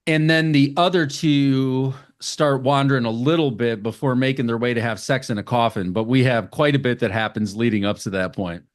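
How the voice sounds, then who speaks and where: Podcast co-host, casual recap, swears, quick silly voices for characters. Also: male voice, medium pitch. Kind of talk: casual movie recap chat.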